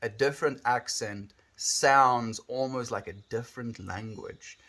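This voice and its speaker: This man's voice is medium-pitched, pushed and bright, and a little slow. With a South African accent, he chats casually on a livestream, wandering through his thoughts aloud and humming as he moves between them.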